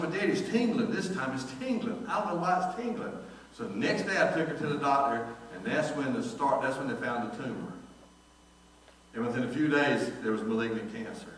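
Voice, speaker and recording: A man, a pastor preaching a sermon and telling folksy stories, quoting the people in them with lively voices. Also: fairly high pitch. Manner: folksy storytelling, animated quoting of others. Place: church sanctuary. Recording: distant echoey church recording.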